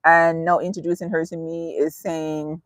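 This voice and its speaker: A woman's voice: low-pitched, flat delivery, moderate pace, no echo. A woman hosting a casual live stream, reading viewer comments aloud, chatty and laughing often. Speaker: livestream host.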